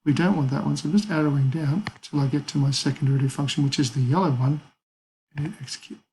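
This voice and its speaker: A man's voice: on the high side, quick pace, dark tone, a little hiss or hum, low-quality recording. A man teaching a maths lesson, talking casually through calculator steps and thinking aloud. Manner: casual, thinks aloud with fillers and small apologies.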